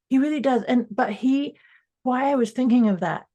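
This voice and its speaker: A woman's voice: high-pitched, moderate pace, warm tone, lo-fi sound. A woman co-hosting a motivational mindset podcast, speaking reflectively and often restarting her sentences. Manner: reflective, with frequent restarts and self-corrections. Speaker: podcast co-host.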